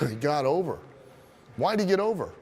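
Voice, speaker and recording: Profane, animated wrestling trainer. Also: male voice, on the high side, normal speed, slight background noise. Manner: profane, animated, asks rhetorical questions. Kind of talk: storytelling lesson.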